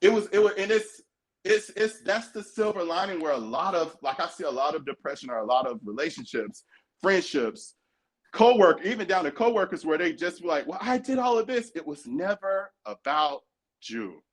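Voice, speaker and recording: A man's voice: sits high, expressive, a little fast. A man co-hosting a podcast, talking earnestly and emphatically in casual chat. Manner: earnest, emphatic, acts out quoted voices. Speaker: podcast co-host.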